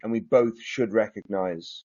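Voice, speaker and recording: A man's voice: lowish voice, unhurried, a little mellow, lo-fi sound. A man hosting a film podcast, leading the chat casually and reading from his notes. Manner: leads the talk, reads from notes. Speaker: podcast host.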